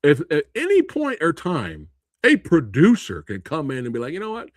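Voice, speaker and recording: Male movie-review streamer, expressive and incredulous, loose and profane, dry close sound. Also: fairly high pitch, moderate pace, dry recording. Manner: animated, incredulous ranting with frequent laughs and swearing; reads and answers viewer comments. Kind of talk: live stream Q&A and review chat.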